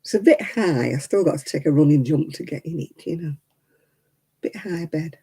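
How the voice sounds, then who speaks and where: Gravelly husky woman in her seventies. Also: deep voice, normal speed, warm tone, poor audio. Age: 70s. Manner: rambling, chatty, chuckling storyteller. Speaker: crafting livestream host. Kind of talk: casual chat.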